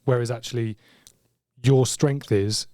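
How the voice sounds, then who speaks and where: A man's voice: medium pitch, fairly even intonation, unhurried, a little mellow, no room sound, studio quality. A man co-hosting a podcast interview, asking long questions that wander and restart. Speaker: podcast co-host.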